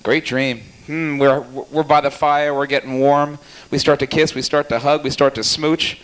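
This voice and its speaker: Fast-joking young man at a cafe mic. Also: a little high, steady tone, a bit bright. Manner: rapid, jokey, teasing the audience. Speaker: stand-up comedian. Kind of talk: stand-up comedy with crowd work. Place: small cafe club, live audience.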